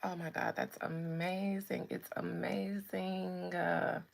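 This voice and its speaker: A woman hosting a live spiritual chat stream, talking casually and greeting viewers by name in a relaxed way. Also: fairly low pitch, takes it slowly, vocal fry.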